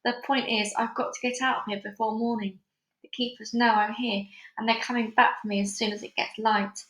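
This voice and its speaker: A woman's voice: on the high side, level tone, brisk, fairly bright tone, echoey room, close to an everyday voice, rough recording. A woman voicing an injured father trapped in a pit who speaks steadily and reassures his son. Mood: reassuring.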